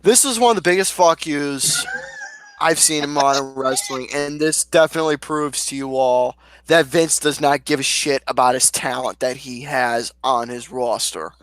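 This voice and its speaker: A man's voice: mid-range voice, normal speed, a bit bright. A man in a casual ranking chat, speaking in a heated, emphatic way with lots of swearing.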